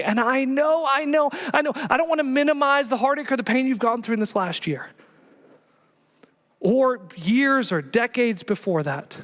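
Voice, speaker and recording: A man preaching a sermon as pastor, animated and emphatic, repeating key phrases. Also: high voice, moderate pace, long reverb tail.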